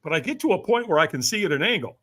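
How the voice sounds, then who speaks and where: Middle-aged guy telling a story on a podcast, high bright voice that jumps all over when he does the other people. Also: sing-song, rapid-fire. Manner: acts out quoted voices with big swings. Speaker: podcast guest. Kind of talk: animated storytelling.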